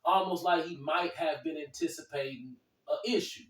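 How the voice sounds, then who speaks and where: A man chatting casually, animated and profane, acting out other people's lines as he tells stories. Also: on the high side, moderate pace. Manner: animated, quotes others in put-on voices, swears freely. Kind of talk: casual storytelling chat. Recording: echoey room from a distance.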